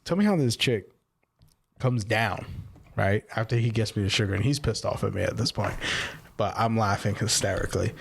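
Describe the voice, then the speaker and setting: A man's voice: fairly low pitch, moderate pace, creaky, husky. A man telling a teasing prank story in a casual chat with friends.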